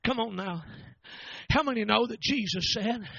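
A man's voice: high-pitched, normal speed, vocal fry, a bit bright, breathy edge, dry recording, highs cut off. A man preaching a storytelling sermon, fervent and drawn out.

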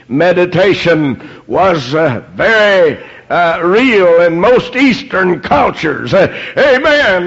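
A man's voice: fairly high pitch, creaky, slightly rough. A man preaching a fervent sermon, dotting his lines with amens and praise God, in a dull lo-fi recording.

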